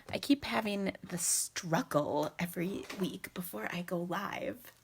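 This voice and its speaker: A woman in her forties hosting a casual crafting live stream from home, bubbly and chatty and quick to laugh, talking into her phone camera. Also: mid-range voice, slightly rough. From United States. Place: at home indoors. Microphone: phone camera in selfie mode.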